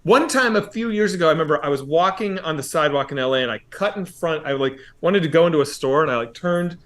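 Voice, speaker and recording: A man casually telling a story on a comedy podcast, swearing often and acting out shouted quotes. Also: fairly high pitch, lively intonation, fast.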